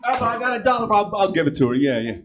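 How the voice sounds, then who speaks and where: High-voiced chatty comedy show emcee man. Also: big pitch swings, very fast, heavy background noise. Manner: chatty, laughing between intros. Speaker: show host. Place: comedy theater stage.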